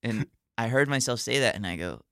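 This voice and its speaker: A man's voice: medium pitch, animated, a little fast, fairly bright tone, smooth, dry recording, clean studio sound. A man in his thirties from Alabama, a comedian chatting as a guest in an interview, hesitant and rambling with lots of fillers. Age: 30s. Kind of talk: casual interview chat.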